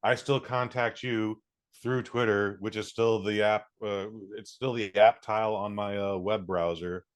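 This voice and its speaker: A man's voice: on the low side, steady tone, measured pace, smooth. A man co-hosting a podcast in casual banter, a rambling storyteller who laughs easily. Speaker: podcast co-host.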